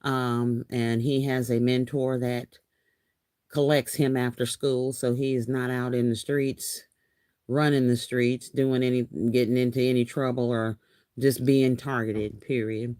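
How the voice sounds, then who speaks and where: A woman's voice: very deep voice, level tone, unhurried, dark tone, no echo. Live craft host, woman in her fifties, chatty and laughing, dry close-mic sound. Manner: chatty, laughs often, says y'all a lot. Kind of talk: casual live-stream chat reading comments.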